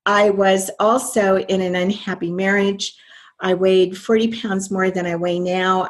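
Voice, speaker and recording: Interview guest, older woman, earnest and reflective storyteller, mid-pitched voice. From American Midwest. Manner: earnest, reflective, speeds up when recalling inner dialogue.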